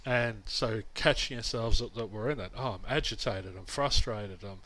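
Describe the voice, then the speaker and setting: A man's voice: lowish voice, moderate pace, bright, forceful tone. A man co-hosting a casual podcast chat, blunt and swearing casually. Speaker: podcast co-host.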